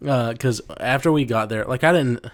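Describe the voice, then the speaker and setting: A man's voice: medium pitch, moderate pace. A man chats casually on a podcast and jokes with his co-hosts. He tells family stories in a loose, profane way. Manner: joking, tells stories with swearing. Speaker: podcast co-host. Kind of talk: casual chat.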